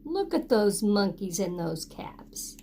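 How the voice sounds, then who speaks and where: A woman reading a picture book aloud to children, pausing often to ask them to join in with actions. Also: medium pitch, very animated, mellow, a little hiss or hum. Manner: interactive, prompting children to act along. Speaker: storytime reader for children.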